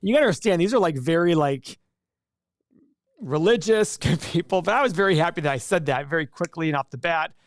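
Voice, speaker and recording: A man hosting a casual live stream, talking in a loose, joking way and often stopping to restart a sentence. His voice sits a little high. The sound is dry and close, with almost no room echo. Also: a little fast. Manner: chatty, jokey, self-interrupting. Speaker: livestream host. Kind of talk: casual livestream chat.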